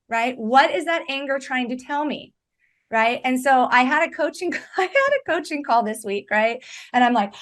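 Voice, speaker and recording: A woman's voice: high-pitched, normal speed. A woman talking as a recovery coach in an earnest, conversational way, emphatic and often checking in with "right?". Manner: emphatic, animated, repeats "right?".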